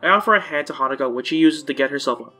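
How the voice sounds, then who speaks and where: A man's voice: on the high side, rapid-fire, bright, forceful tone, soft background music. A man hosting a let's-play, reading a visual novel aloud casually and correcting his own stumbles.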